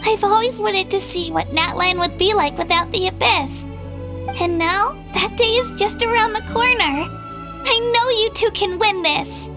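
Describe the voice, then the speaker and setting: An actress voicing a gentle, brave young girl in a video game, talking sincerely and softly, recorded in a studio. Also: extremely high pitch, a little slow, over music. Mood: earnest. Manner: sincere, soft-spoken, heartfelt.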